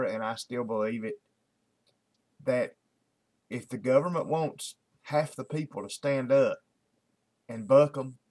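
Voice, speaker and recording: A man talks straight to camera in a casual daily video blog. His delivery is folksy and repetitive, thick with fillers and false starts. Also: mid-range voice. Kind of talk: casual rambling monologue to camera.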